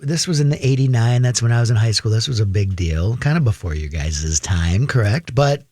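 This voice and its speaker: A man's voice: mid-range voice, animated, fairly quick, mellow, no echo. A man in his fifties hosting a casual radio show chat, leading the talk with upbeat questions. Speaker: host.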